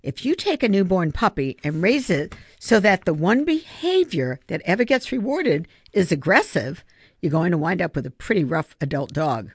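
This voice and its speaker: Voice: mid-range voice, big pitch swings, moderate pace, husky, no echo, clean studio sound. A reader voicing a passionate, earnest schoolgirl who loves animals, insistent in tone. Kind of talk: audiobook character reading.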